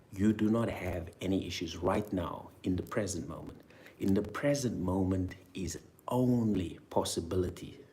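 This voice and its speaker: Deep-voiced man coaching a money mindset. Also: slight background noise. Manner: coaching, leads guided imagining with repeated prompts; energetic, emphatic interjections. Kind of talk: motivational guided talk to viewers.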